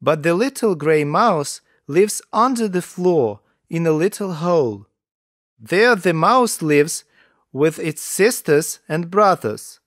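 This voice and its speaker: A man reads children's stories slowly and carefully for English learners. His voice sits a bit high and moves up and down a lot. The sound is dry and close. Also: no room sound. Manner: slow, careful reading with lively intonation. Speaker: narrator. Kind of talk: slow narration for English learners.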